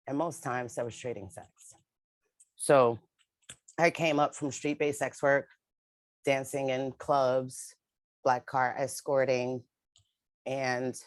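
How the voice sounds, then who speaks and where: Deep-ish new lady, direct and emphatic, on a video call, dry sound. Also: little pitch movement, a little slow, dry recording. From New York City. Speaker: advocate and panelist. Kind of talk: spoken-word poem, then personal testimony. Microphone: remote video call mic.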